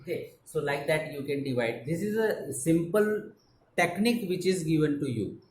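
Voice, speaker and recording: A man's voice: a little high, animated, moderate pace, darkish tone. A man with an Indian English accent teaching an online English class, explaining step by step and often saying "okay". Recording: echoey room, faint background noise.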